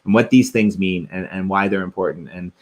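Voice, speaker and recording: A man's voice: sits low, brisk, darkish tone. A young adult man co-hosting a casual show, telling stories in an upbeat, chatty way. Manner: eager storyteller, upbeat and chatty. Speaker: co-host. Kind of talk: casual podcast chat.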